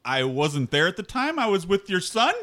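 A joking man at a tabletop game speaks up in character. His voice is lively and animated, bright and a little high. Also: moderate pace. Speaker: player. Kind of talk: casual tabletop game play.

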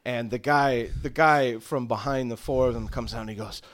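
A man's voice: mid-range voice, fairly even intonation, moderate pace. A man running a tabletop game as game master, narrating in a loose, rambling way.

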